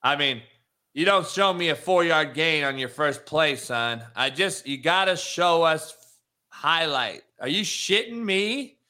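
A man giving a profane, exasperated rant while reviewing high school football film, swearing heavily and breaking into laughter. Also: unhurried. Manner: loud, exasperated ranting with bursts of laughter; heavy swearing. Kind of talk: profane casual commentary on recruit film.

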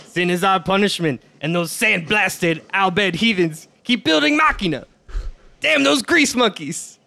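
A man voicing a zealous, well-meaning but dim young islander in a deliberately bad mock Jamaican accent, preaching and tacking on "brother". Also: high-pitched, expressive, creaky, bright, forceful tone, voice pushed up, heavily acted. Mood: preachy. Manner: preachy, drawling, tacks on "brother". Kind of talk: comedic podcast impression.

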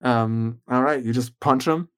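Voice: medium pitch, measured pace, clean tone. Casual, hesitant game master. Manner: casual, hesitant, with fillers and giggles. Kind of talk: narrating a tabletop game.

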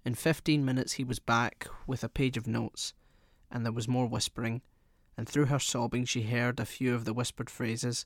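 A man reads a short story aloud in a steady, measured storytelling voice. His pitch sits in an ordinary middle range. The recording is close and dry, with no room echo. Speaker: narrator. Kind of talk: audiobook narration.

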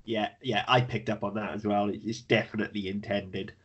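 A man co-hosting a casual podcast, bluntly tearing into a low-budget horror film with plenty of swearing. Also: level tone, a little fast, slightly rough, muffled recording. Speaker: podcast co-host. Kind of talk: casual film review chat.

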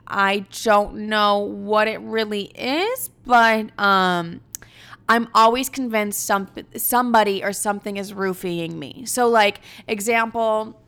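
A woman's voice: medium pitch, a bit bright. A young woman in her twenties hosting a podcast, chatting casually and candidly, full of "like" fillers and swearing. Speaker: podcast host. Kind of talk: casual solo chat.

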